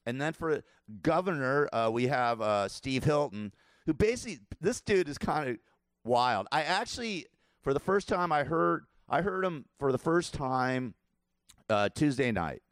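A man of about sixty hosts his show with casual political commentary, rambling and repeating himself, often chuckling. His voice is smooth and clear at a middle pitch. The recording is dry and close. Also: animated, measured pace, a bit bright, no room sound. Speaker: show host.

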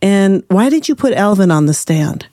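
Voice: mid-range voice, animated, normal speed, warm tone, dry recording, clean studio sound. An interviewer who laughs easily and asks follow-up questions. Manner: amused, laughs often.

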